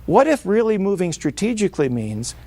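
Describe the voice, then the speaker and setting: A middle-aged man giving a motivational seminar talk, animated and playing out quoted voices. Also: high-pitched, fairly quick. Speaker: speaker.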